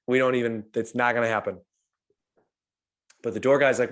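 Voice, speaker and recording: Speaking rapidly in a medium register, this man runs a podcast and relates an extended, foul-mouthed party anecdote. He's from St. Louis, and in his animated, casual delivery he acts out other people's words.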